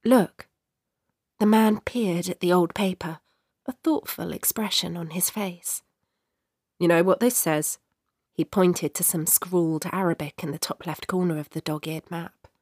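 A woman narrating a short story in a measured, expressive way. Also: on the low side, breathy edge, no room sound, studio quality.

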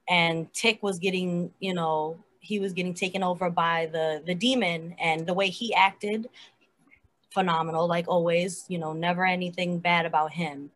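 A woman co-hosting a podcast, chatting animatedly about a TV episode with lots of fillers. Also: fairly low pitch. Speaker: podcast co-host. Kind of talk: casual chat reviewing a TV episode.

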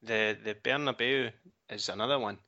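A man's voice: on the low side, moderate pace, sharp tone. A man co-hosting a casual football podcast, dry and teasing. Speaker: podcast co-host. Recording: dull lo-fi audio.

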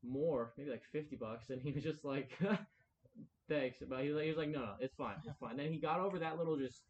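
A man's voice: on the high side, normal speed, a little mellow, dull audio, slight background noise. A young man telling a long story in casual podcast chat, rambling, with many "like"s and acted-out quotes. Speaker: podcast co-host.

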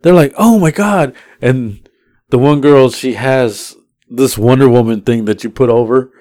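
A man's voice: medium pitch, steady tone, measured pace, warm tone, no echo. A man, casually telling a rideshare story as a podcast co-host, acting out his passengers' lines in raised voices.

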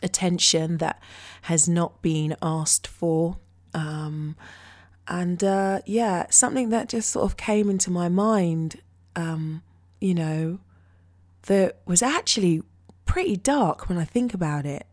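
Hesitant, reflective woman in a casual monologue, slow-spoken, dry close sound. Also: fairly low pitch, a little mellow, no echo. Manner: hesitant, reflective, frequent pauses.

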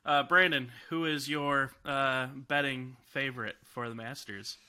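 A man co-hosting a sports podcast who jokes and teases in casual banter. His voice has a very bright, sharp edge. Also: medium pitch, steady tone, unhurried. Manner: joking, teasing banter. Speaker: podcast co-host.

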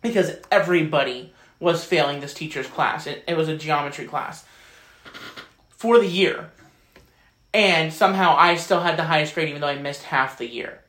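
A man's voice: on the high side, moderate pace, a bit bright. A man co-hosting a podcast, telling candid school stories in a stop-start, casual way. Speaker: podcast co-host. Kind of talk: casual chat. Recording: echoey room.

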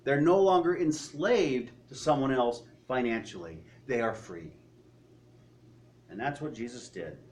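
A man preaching a sermon, telling the story vividly, asking rhetorical questions and dropping to a quiet voice for solemn points. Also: lively intonation, unhurried, slight background noise. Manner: drops to a quiet, low voice for solemn moments.

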